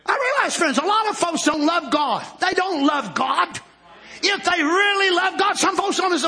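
A man preaching a sermon in a fervent manner, often shouting. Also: very high-pitched, animated, moderate pace.

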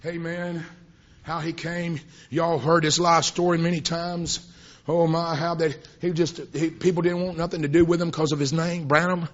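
A man preaching a sermon, peppering his talk with "amen" and swinging from hushed storytelling to shouted exclamations. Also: fairly high pitch, flat delivery, normal speed. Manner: peppered with "amen", folksy grammar. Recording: dull lo-fi recording.

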